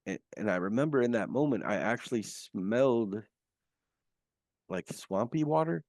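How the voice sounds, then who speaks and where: A man recounting his near-death experience as an interview guest, earnest and halting with many restarts, on a video call. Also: medium pitch, expressive, a little mellow, dry recording, studio quality.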